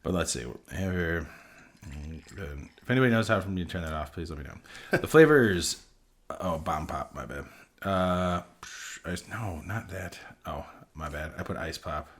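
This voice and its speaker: A man co-hosting a podcast from a home setup, rambling and poking fun at himself. His voice sits low. His pitch swings widely as he talks. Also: lively intonation, unhurried, fairly bright tone. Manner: rambling, self-deprecating. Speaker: podcast co-host. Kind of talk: casual chat.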